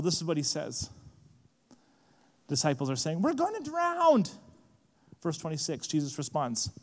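A man preaching a sermon, swinging from quiet, low asides to impassioned, rising appeals. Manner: impassioned, rising to shouts then dropping low. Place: large event hall.

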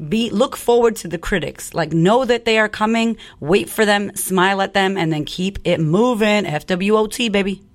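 A woman's voice: medium pitch, normal speed, few pauses. A woman podcast host and coach talking in a blunt, profane, fired-up way in a casual monologue.

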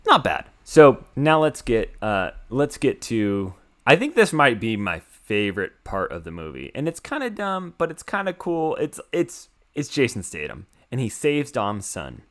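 A man's voice: medium pitch, wildly swooping pitch, unhurried, a bit bright. A young American man hosting a casual chat, recapping a film in a rambling way, full of "like" and restarts. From United States. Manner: rambling, many "like" fillers and restarts.

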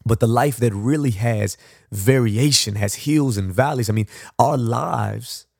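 A man's voice: medium pitch, measured pace, gravelly, dry recording, studio quality. A man hosting a podcast, giving a reflective motivational monologue in a conversational, rambling way with frequent restarts. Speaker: podcast host.

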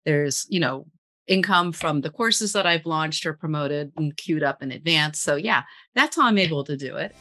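Low-voiced, bright, chatty middle-aged woman. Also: normal speed. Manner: chatty, rambling, frequent laughs and restarts. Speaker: guest copywriter. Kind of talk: casual interview chat.

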